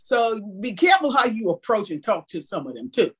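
A woman's voice: fairly high pitch, big pitch swings, a little fast, slightly rough. A woman in casual chat, outspoken and emphatic.

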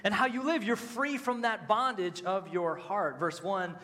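A man preaching a sermon as a pastor, animated and swinging between loud emphasis and quiet, low passages. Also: measured pace. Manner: animated, rising and dropping with emphasis, voicing inner thoughts. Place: church sanctuary. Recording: hall reverb.

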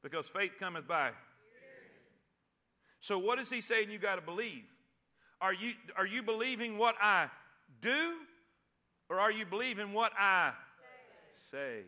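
A man preaching a sermon, reading scripture slowly and calling on the congregation to answer back. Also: high voice, animated, pushed and bright. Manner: call-and-response preaching, repeats phrases; drawn-out emphatic scripture reading. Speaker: pastor.

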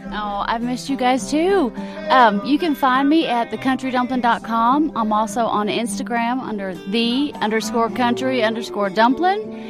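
A woman's voice: fairly high pitch, normal speed, over music. A woman talking as a guest on a live radio show, in a friendly, matter-of-fact way. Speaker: caterer guest.

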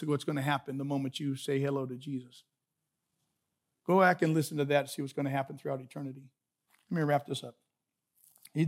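A male pastor preaching a sermon, animated and joking, moving between quiet remarks and loud hollering. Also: a little high.

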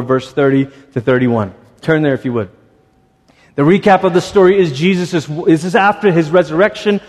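Male pastor with a high voice, preaching conversationally with lively asides, church hall reverb. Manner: conversational, animated storytelling with quick asides. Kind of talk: sermon. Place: church sanctuary.

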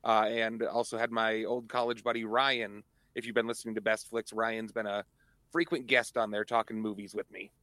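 A man guesting on a podcast, relaxed and casual, often starting with "uh". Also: on the low side, moderate pace, dry recording.

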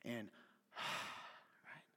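A man preaching a sermon as pastor, fired up and yelling at times, then dropping to soft, confiding asides. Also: drawn-out words, big-room sound.

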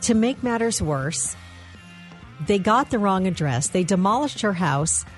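A woman's voice: mid-range voice, animated, unhurried, soft background music. A woman co-hosting a radio morning show, telling a news story in casual banter. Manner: storytelling, amused, laughs often.

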